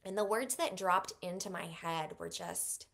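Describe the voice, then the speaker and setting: A woman in her thirties, an author talking as a guest on an interview podcast, who retells a personal story vividly, going soft and slow at the moving parts. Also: lowish voice, creaky. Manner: vivid retelling, speaks softly and slows at moving moments.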